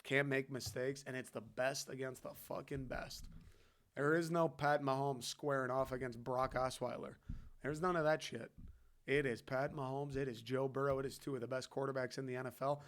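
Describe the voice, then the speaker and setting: A man's voice: mid-range voice, steady tone, normal speed, a bit bright. A man hosting a podcast, talking sports in a loose, profanity-heavy, fired-up rant and calling his listeners "dude". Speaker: podcast host. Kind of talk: casual sports talk.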